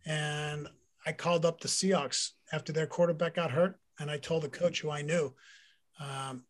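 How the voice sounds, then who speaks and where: Interview guest, man in middle age, raised pitch, animated storyteller sharing a heartfelt testimony. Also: moderate pace. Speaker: guest, former pro football player. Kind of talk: personal faith testimony in conversation.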